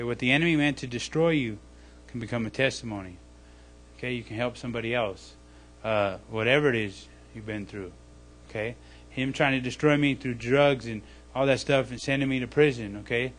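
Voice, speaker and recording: A man's voice: medium pitch, brisk. A man pastor teaching in a live church service, acting out little scenes and checking in with the listeners by asking "okay?" again and again. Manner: animated, acts out scenes, asks "okay?" often.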